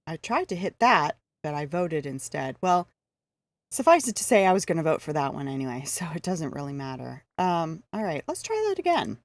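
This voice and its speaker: A woman's voice: deep voice, very animated, moderate pace, no echo. A woman streaming a video game live, talking it through in a casual, easygoing way with frequent hesitations.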